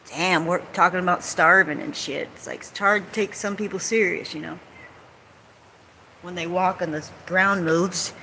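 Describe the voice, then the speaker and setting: A woman's voice: fairly low pitch, normal speed, bright, forceful tone, a little hiss or hum. A woman vlogging from home in a rambling casual chat, sarcastic and swearing, jumping between topics and mocking people in put-on quotes. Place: home, on couch or bed.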